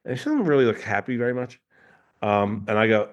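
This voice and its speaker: Fairly quick and on the low side, a man's voice carries his stories as a podcast guest coach in a casual conversation. He's animated, laughs often, and mimics the people he describes.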